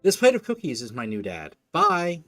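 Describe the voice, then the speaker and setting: A man's voice: mid-range voice, wildly swooping pitch, normal speed, a bit bright, soft background music. A man voicing a blunt, teasing teenage daughter in his own everyday voice. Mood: pushy.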